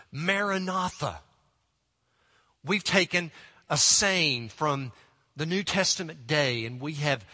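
A man preaching a sermon, earnest and emphatic, slowing down and dropping to a hushed, prayerful tone at times. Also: a little high, in a large hall.

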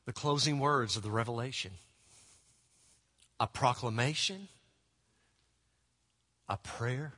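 A man preaching a sermon, earnest and emphatic, slowing down and dropping to a hushed, prayerful tone at times. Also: mid-range voice, long reverb tail.

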